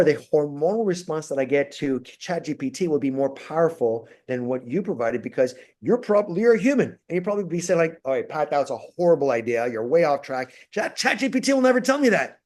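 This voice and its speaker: Animated man telling stories. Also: fairly high pitch. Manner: animated storyteller, acts out quotes. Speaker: guest, university lecturer. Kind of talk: casual interview.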